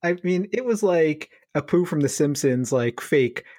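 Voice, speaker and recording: A man's voice: on the high side, a little slow, dry recording, clean studio sound. A man telling a funny clinic story on a podcast, acting out the dialogue and laughing along. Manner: animated, acts out quoted dialogue with laughs. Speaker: physiotherapist podcast co-host.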